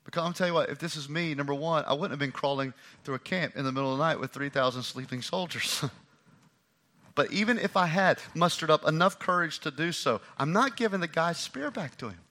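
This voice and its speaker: Bright-voiced man preaching. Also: on the high side, a little fast. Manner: lively, conversational, acts out the scripture. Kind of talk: sermon.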